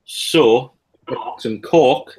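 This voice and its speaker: Give me a blunt man ranting on a live chat, mid-pitched. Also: very slow, darkish tone, breathy edge, poor audio. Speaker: co-host.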